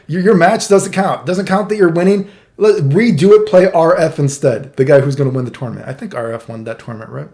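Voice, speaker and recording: A middle-aged man telling stories in a casual monologue, swearing a lot and acting out the quotes with laughter. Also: mid-range voice. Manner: profane, animated, acts out quotes with laughs. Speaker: streamer telling fighting game stories.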